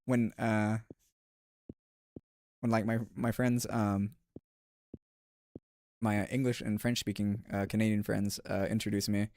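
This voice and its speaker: A man's voice: lowish voice, level tone, measured pace, pauses often, a little mellow, no room sound. A man streaming and chatting casually with viewers, rambling with frequent restarts and filler words. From United States.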